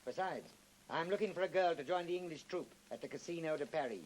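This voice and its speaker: An actor playing a coaxing stage-door charmer. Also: male voice, a little high, expressive, fast, natural voice, low-quality recording. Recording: faintly hissy 1930s film soundtrack.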